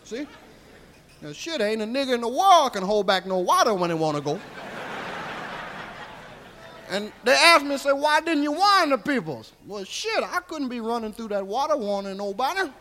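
In a live hall with reverb and slight background noise, a man uses an extremely high, sharp, very animated voice at a brisk clip, heavily acted. He plays an old Southern country storyteller in a stand-up monologue, rambling, drawling, folksy and coarse, and he keeps asking "see?"

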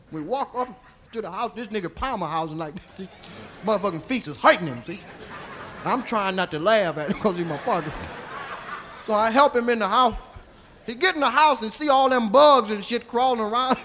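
A man's voice: very high-pitched, fairly bright tone, a little hiss or hum. A man telling a profane comic story in a drawling way, tagging his lines with "see?".

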